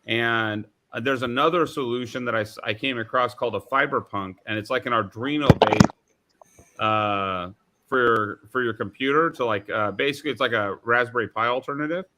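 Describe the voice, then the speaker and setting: A man hosting a live online chat about making things, telling animated, rambling stories with many restarts. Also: mid-range voice, normal speed, background noise. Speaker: host of a live maker chat. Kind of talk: casual chat.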